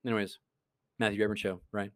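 A man's voice: fairly low pitch, flat delivery, quick pace, no room sound. A man hosting a podcast, giving a casual faith-based monologue in an earnest, rambling way, with many stammered restarts. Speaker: podcast host.

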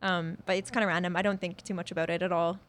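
A young woman talks at a brisk clip, words tumbling out in a chatty, unguarded way. She's a musician in casual interview conversation, often breaking into laughter. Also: fairly low pitch, level tone, a bit bright. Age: 20s. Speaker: musician guest.

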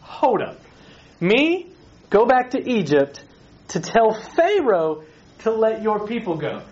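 A man voicing a startled, doubting shepherd who pleads and rises in pitch as he retells a story. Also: sing-song, slow pace, darkish tone, heavily acted. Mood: incredulous. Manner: incredulous, pleading, rising in pitch. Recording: slightly dull recording.

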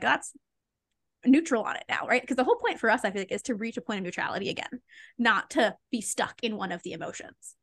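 A young woman rattles along at a quick clip in a casual podcast chat. Her voice sits a little high, and she strings loose, candid thoughts together with plenty of "like" and easy laughs. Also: pushed and bright, no room sound. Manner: rambling and candid, heavy filler words, laughs often. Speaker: podcast guest. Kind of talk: casual conversation.

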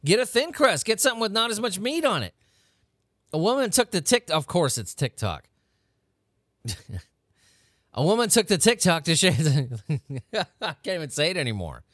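A man's voice: high voice, very animated, normal speed, long pauses, fairly bright tone, dry recording, clean studio sound. A man hosting a weird-news podcast, ranting casually with lots of profanity and incredulous outbursts. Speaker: podcast host. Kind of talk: casual comedic rant.

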